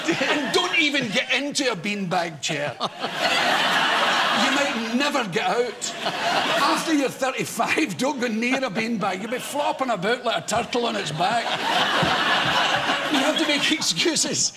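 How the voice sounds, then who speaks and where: An older Scottish man tells comic stories in a rambling, wry way, his voice riding very high and swinging widely. A loud hiss hangs over the television studio sound. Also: lively intonation, unhurried. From Scotland. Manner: rambling, wry, breaks into laughter. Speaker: guest. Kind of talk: comic chat show storytelling.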